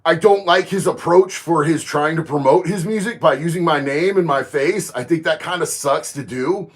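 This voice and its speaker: A man, chatting casually on a livestream, reading viewer comments and getting loud and emphatic on his opinions. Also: on the high side, normal speed. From Florida. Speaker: livestream host.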